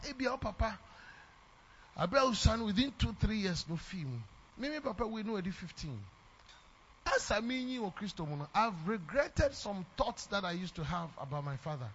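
A man's voice: sits high, expressive, moderate pace, fairly bright tone, a little hiss or hum. A man from Ghana with a Ghanaian English accent, preaching a sermon in church, emphatic and repeating lines for effect. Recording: dull lo-fi sermon recording.

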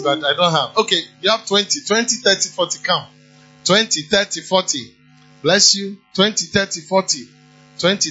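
High, piercing preacher man. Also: sharp tone, slightly rough, dull audio. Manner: exhorting, repeats amounts in a chanting call. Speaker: pastor. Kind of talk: sermon and offering appeal. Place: church.

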